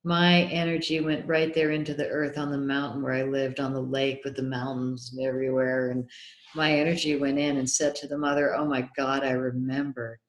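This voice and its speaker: A woman guest telling an animated personal story in an interview, acting out the voices of people in it. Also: extremely low pitch, fairly quick. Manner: excitable, acts out remembered dialogue. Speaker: guest, documentary filmmaker. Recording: roomy echo.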